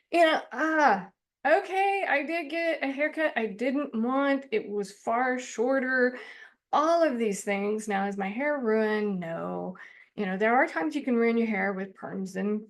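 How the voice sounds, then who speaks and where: Woman, middle-aged, counselor, informal lesson, chatty, laughs often, slightly high voice. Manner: chatty, laughs often, acts out her own complaints. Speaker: counselor teaching self-help skills. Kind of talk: informal teaching monologue.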